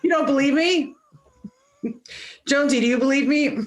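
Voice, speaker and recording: A woman's voice: high-pitched, moderate pace. A woman leading a question segment in a casual group chat, laughing and teasing the team.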